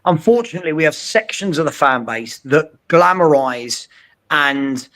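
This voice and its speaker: A man, co-hosting a casual football chat, emphatic and often checking agreement with a quick question. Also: on the high side, animated, a bit bright. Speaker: co-host.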